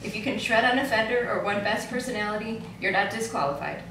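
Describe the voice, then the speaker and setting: A woman's voice: on the high side, quick pace, a crowd in the background. A woman co-hosting a book club chat, reading a passage aloud, then reflecting earnestly. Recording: echoey room, far from mic, background noise.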